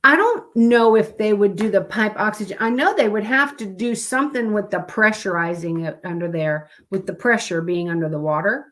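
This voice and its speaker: A woman's voice: mid-range voice, expressive, moderate pace, few pauses, a bit bright. Chatty rambling woman streamer. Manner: chatty, rambling, with fillers and self-corrections. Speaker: live stream host. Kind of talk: casual live stream chat.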